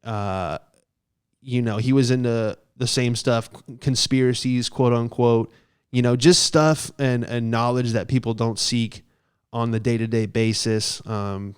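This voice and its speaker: Young male podcast host, mid-pitched, smooth clear voice, loose profane anecdote style. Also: fairly even intonation, measured pace. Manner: rambling, profane, heavy on fillers. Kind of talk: casual comic storytelling.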